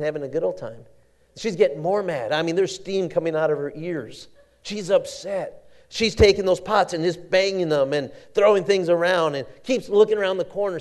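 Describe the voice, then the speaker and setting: High-voiced man preaching a sermon. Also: a little mellow. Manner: conversational storytelling, repeats words and restarts, folksy asides.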